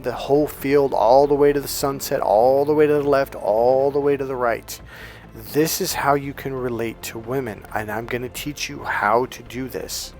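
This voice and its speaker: A man's voice: mid-range voice, fairly even intonation, normal speed, a little mellow, faint music behind. Blunt, profane male dating coach. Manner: blunt, profane, quotes people in put-on voices. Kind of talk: coaching monologue.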